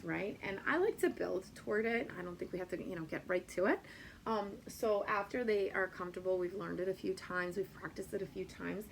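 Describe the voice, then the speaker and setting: A woman's voice: fairly low pitch, gravelly, slight background noise. A woman Spanish teacher talking casually to other teachers, with many ums, and playful and sing-song when she recites a children's rhyme. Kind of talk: teacher training talk.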